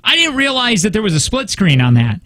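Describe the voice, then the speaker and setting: Chatty radio host man, slightly high. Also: huge pitch swings, a little fast, fairly bright tone, no room sound. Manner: chatty, rambling storyteller with restarts. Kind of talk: casual morning-show banter. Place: radio studio.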